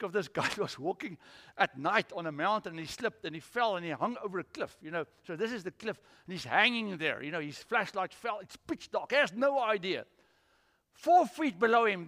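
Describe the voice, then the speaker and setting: Animated pastor preaching in a hall. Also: male voice, high voice, fairly quick. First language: Afrikaans. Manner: animated storytelling with acted-out voices. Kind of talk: sermon. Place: church.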